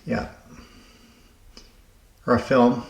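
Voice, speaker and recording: A man thinking aloud as he solves word puzzles, halting and correcting himself as he goes. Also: medium pitch, level tone, vocal fry, echoey room. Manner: muttering, halting, self-correcting. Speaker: puzzle game vlogger.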